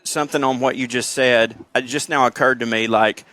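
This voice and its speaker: A man with a Southern US accent co-hosting a podcast, talking in an animated, profane way as he tells stories. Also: medium pitch, fairly quick, no room sound. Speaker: podcast co-host. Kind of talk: casual comedic chat.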